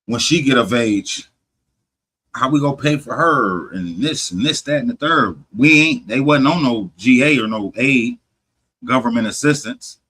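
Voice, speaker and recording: A man with a bright, slightly husky voice tells a story over a casual podcast chat. He swears constantly, trips over himself and restarts sentences, all in loose animated talk. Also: mid-range voice, unhurried, low-quality recording. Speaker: podcast host.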